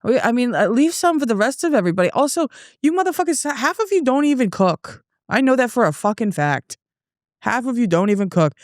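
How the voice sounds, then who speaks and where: A woman's voice: fairly high pitch, very animated, brisk, no echo, clean studio sound. Tipsy, profane young woman with a Boston accent. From Boston area, US. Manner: profane, rambling, tipsy storytelling with frequent restarts. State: drinking beer, tipsy. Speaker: podcast host and comedian. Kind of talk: casual solo podcast rant.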